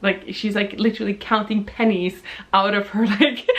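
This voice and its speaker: A woman in her twenties from Norway, telling a storytime vlog in a chatty, animated way with frequent laughs and swearing. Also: fairly high pitch, unhurried, hardly any pauses. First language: Norwegian. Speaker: vlogger.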